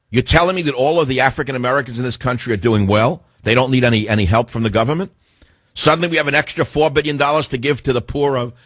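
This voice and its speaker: A man's voice: medium pitch, fairly bright tone, no echo, clean studio sound. A middle-aged man hosting a talk radio show, delivering a combative monologue full of rhetorical questions aimed at his listeners.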